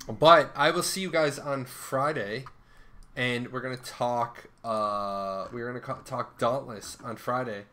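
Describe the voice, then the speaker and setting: A man's voice: medium pitch, measured pace. A young man streaming a game live, ranting and swearing as he comments on what he sees. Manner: animated, ranting, swears a lot. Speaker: livestreamer. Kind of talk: casual gameplay commentary.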